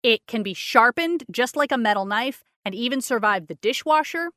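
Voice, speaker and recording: A woman's voice: fairly high pitch, expressive, normal speed, sharp tone, no room sound, studio quality. A woman co-hosting a casual podcast, reading out science articles with joking asides. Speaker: co-host.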